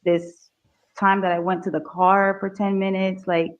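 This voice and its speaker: A woman's voice: medium pitch, little pitch movement, a little slow. Woman testifying defensively in court. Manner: polite, defensive answers. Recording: dull courtroom audio.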